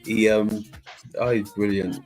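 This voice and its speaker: A man's voice: fairly low pitch, level tone, unhurried, darkish tone, faint music behind. A man from hosting a casual chat, easygoing, laughing often and giving short replies. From London. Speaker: host.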